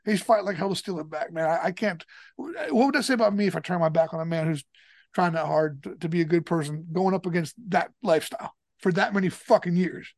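A man's voice: high voice, fairly quick, a little mellow, no room sound, studio quality. A man telling a long story as a podcast guest, swearing constantly and rambling emphatically. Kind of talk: casual storytelling.

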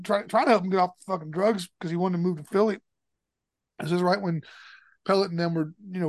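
High-voiced man telling a profane story. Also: darkish tone, no echo, studio quality. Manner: profane, rambling, emphatic. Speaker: podcast guest. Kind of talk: casual storytelling.

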